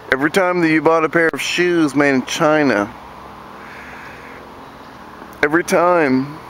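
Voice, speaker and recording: A man from Virginia delivering an angry, profane rant to camera, sneering at opponents and mocking them in shrill put-on voices. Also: a bit bright, slight background noise. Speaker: vlogger ranting to camera.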